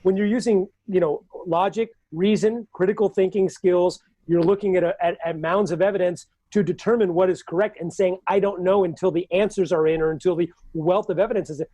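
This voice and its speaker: A man's voice: high voice, steady tone, a little fast, few pauses, warm tone, no room sound, poor audio. A man comedian on a panel, emphatic and exasperated as he rants. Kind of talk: casual panel chat.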